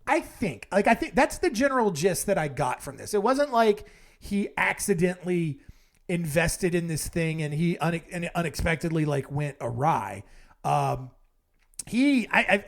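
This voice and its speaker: Rambling man with a lively voice. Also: fairly high pitch. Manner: rambling, wry, lots of fillers. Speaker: podcast host. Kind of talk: casual podcast recap.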